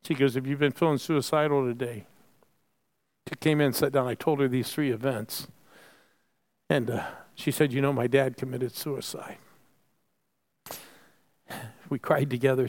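A middle-aged pastor from Phoenix preaching a sermon, telling a personal story and calling on the congregation to repeat after him. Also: male voice, mid-range voice, fairly even intonation, moderate pace, a little mellow. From Phoenix, United States. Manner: call-and-response preaching, storytelling.

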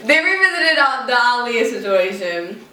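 A woman's voice: on the high side, sing-song, moderate pace, sharp tone, recorded from a distance. Chatty young woman in an echoey room. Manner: upbeat and chatty, laughs often. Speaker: podcast co-host. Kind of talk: casual family chat during a food-eating video. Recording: echoey room, voice off-mic, light hiss.

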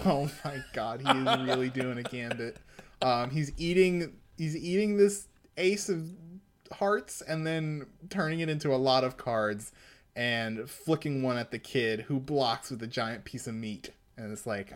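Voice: mid-range voice, steady tone, measured pace. A podcast host casually recapping and reading a comic aloud, laughing and swearing freely. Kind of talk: casual chat and read-aloud.

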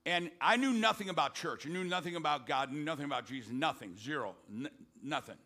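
High, bright-voiced older preacher. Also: male voice, expressive, a little fast. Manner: swings between loud exhortation and hushed storytelling. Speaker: pastor. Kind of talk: sermon.

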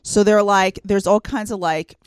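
A woman's voice: mid-range voice, steady tone, unhurried, clean tone, no echo. A woman co-hosting a talk show, speaking earnestly and conversationally, with frequent fillers as she thinks. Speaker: co-host. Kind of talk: casual chat.

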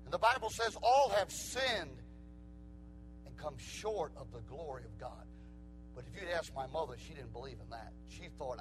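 A man preaching an old-fashioned sermon, swinging from quiet storytelling to shouted preaching. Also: on the high side, sing-song, moderate pace, over music, poor audio.

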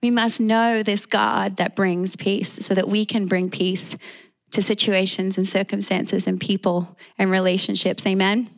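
A woman's voice: mid-range voice, flat delivery, a little slow. A woman with an Australian accent preaching a sermon, emphatic, calling out for amens. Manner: warm, emphatic preaching with call-and-response amens.

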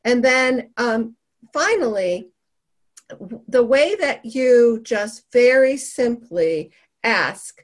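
A woman's voice: on the high side, animated, slow. A woman hosting, recapping her guest's points with upbeat enthusiasm. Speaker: podcast host.

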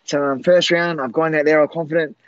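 A man in his forties, a former fighter, tells a long story at an easy, rambling pace. His voice sits a little high for a man and keeps stopping on "uh" and "um" to restart. The sound is dry and a bit muffled, like a lo-fi recording. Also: steady tone, dry recording. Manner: rambling, halting with many fillers and restarts. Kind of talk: casual storytelling.

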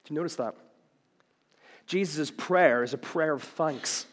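A man delivers a sermon in a slightly high voice, mixing playful rhymes with pointed questions. He rises to loud declarations and drops to near-hushed lines, and the long reverb of a big hall trails after every phrase. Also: a little slow. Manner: playful, punchy rhetorical questions. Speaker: preacher.

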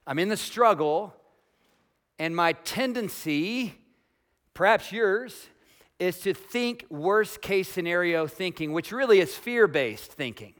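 A man preaching a sermon as pastor, swinging between loud emphatic declarations and quiet asides, asking his listeners direct questions. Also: high voice, animated, slow pace. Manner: asks the congregation direct questions.

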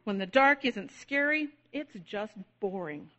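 A woman's voice: mid-range voice, lively intonation, measured pace, sharp tone, dull audio. A woman voicing a frightened young boy lost in the woods, speaking anxiously.

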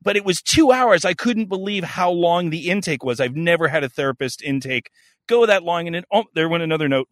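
A man's voice: a little high, a little fast, dry recording, studio quality. A man hosting a podcast, telling a story in casual comedic chat, swearing freely and acting out the other people in it. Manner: animated, profane, acts out quotes. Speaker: podcast host.

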